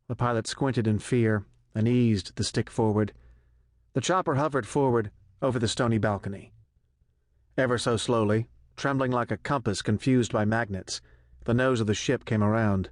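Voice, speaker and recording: A man's voice: mid-range voice, dry recording. Male audiobook narrator, dry and close. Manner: measured, even storytelling. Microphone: close studio mic.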